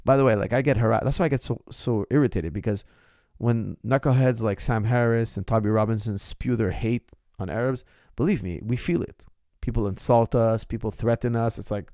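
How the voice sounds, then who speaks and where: A man's voice: medium pitch, fairly quick, a little mellow, dry recording, studio quality. A middle-aged man, a martial arts coach, talking on his own and answering viewer questions in an impassioned, emphatic way, often repeating his phrases. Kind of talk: casual solo talk answering viewer questions.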